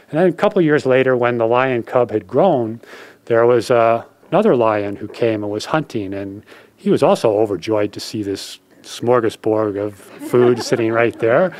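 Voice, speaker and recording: A man's voice: mid-range voice, dry recording. A man giving a spiritual talk, telling a parable as an earnest storyteller who chuckles at his own tale. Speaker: spiritual speaker.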